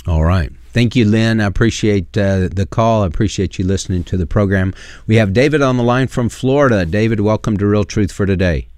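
A man's voice: fairly low pitch, fairly quick, a little mellow, no room sound. A man hosting a call-in radio show, speaking earnestly and plainly and taking callers.

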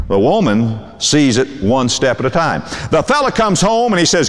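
An older man preaching a sermon in a folksy, animated way, acting out quotes from husbands and wives. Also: medium pitch, normal speed, in a large hall.

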